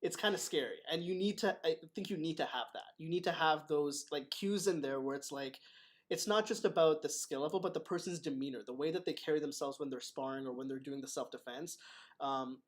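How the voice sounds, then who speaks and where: Male host, martial arts teacher, higher voice, chatty storyteller. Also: brisk. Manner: animated storytelling with laughs. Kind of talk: casual chat.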